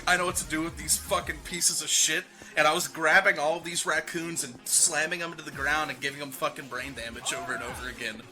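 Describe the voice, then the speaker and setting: A man casually chatting with his stream viewers, rambling and animated, laughing and swearing freely as he talks. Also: a little high. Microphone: desk microphone. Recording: music playing behind the voice.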